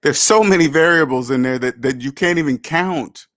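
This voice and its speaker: Speaking at a moderate pace in a slightly high, fairly bright voice, a man hosts a personal finance livestream. He lectures forcefully, poses rhetorical questions, and replies to chat. It's studio-quality audio with no room sound.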